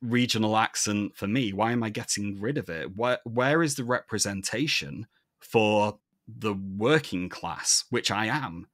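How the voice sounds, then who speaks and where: A man with a soft Northern English accent that drifts toward polished standard British. His voice sits fairly low and sounds close and dry, with no room around it. He talks in long, thoughtful stretches as a podcast guest. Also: a little slow, no echo. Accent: soft Northern English, leaning toward received pronunciation. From Manchester, England. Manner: reflective, talks in long monologues. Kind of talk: casual conversation.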